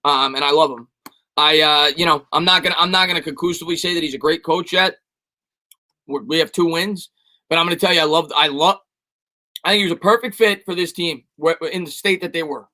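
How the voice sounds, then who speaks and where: A man hosts a relaxed live stream, reading viewers' questions and answering with firm, repetitive opinions. His voice sits high and sounds bright. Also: fairly quick. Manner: rambling, repeats himself, emphatic opinions. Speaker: sports YouTuber answering live chat questions.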